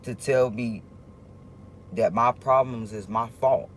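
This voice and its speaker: A man talking to his viewers in a casual livestream monologue, rambling and halting with many restarts, in an earnest, confiding way. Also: mid-range voice, a little hiss or hum.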